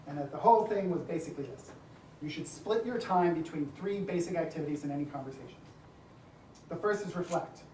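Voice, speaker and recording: A man's voice: on the high side, slight background noise. A man giving a casual presentation talk to a live audience at an event, chatty with frequent asides and light laughter. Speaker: speaker at a design community event. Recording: echoey room, distant mic, faint ambience.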